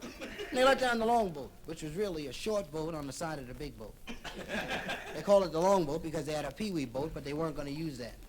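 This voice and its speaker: A man's voice: a little high, lively intonation, fast talker, crowd noise. A man doing stand-up comedy, telling a story and switching animatedly between voices, on a crackly vinyl live album.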